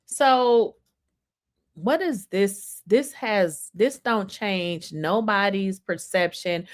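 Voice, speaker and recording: Incredulous woman commenting on a clip. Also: mid-range voice. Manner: incredulous, emphatic, laughs, restarts. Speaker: commentary host. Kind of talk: casual news commentary.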